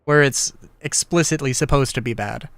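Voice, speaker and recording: A man's voice: medium pitch, moderate pace, fairly bright tone, no echo. A man livestreaming a game, chatting casually in a rambling, self-interrupting way and breaking into laughs often. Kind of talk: casual chat while gaming.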